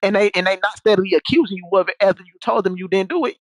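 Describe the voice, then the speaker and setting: A man's voice: sits high, steady tone, fast, hardly any pauses, no echo, rough recording. A young man telling a story in casual, rambling talk, full of slang and repeated restarts.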